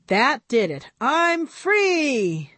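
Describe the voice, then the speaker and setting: A woman's voice: high voice, sing-song, very slow, a bit bright, no echo, voice pushed up, full character voice. A woman voicing a nervous, timid father doll in a storybook reading, speaking shakily. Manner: shaky, fearful.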